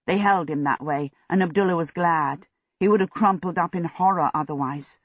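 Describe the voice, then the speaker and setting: Steady storybook narrator, mid pitch, kinda dull lo-fi audio. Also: moderate pace, no echo. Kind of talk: scripted narration.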